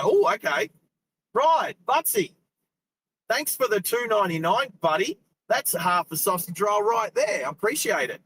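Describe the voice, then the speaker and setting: Chatty high-voiced Australian man driving. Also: lively intonation, moderate pace, fairly bright tone, slight background noise, poor audio. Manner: chatty, rambling, laughs often. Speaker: host. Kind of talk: casual chat while driving live stream. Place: inside a car.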